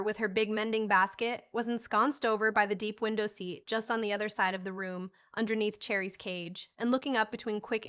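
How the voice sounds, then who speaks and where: Bright-voiced woman audiobook narrator. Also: on the high side. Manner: lively, expressive reading. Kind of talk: scripted narration of a classic children's novel.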